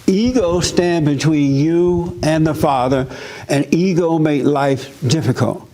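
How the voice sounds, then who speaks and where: A man's voice: slow pace, slight background noise. A man preaching an informal sermon, talking with his congregation and acting out others' voices. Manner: animated, acts out mother in a high voice.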